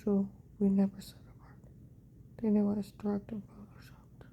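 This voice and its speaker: A woman telling a personal account in a rambling monologue, often dropping to a hushed whisper, with fragmented, repetitive phrasing. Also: medium pitch, completely flat delivery, normal speed, muffled recording, a little hiss or hum.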